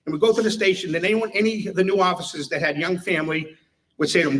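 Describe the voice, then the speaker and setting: A man gives a retirement tribute, telling funny stories and laughing at his own jokes. His voice sits a little high for a man. He is heard from some distance off the mic. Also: fairly even intonation, quick pace, fairly bright tone. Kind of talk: humorous public speech.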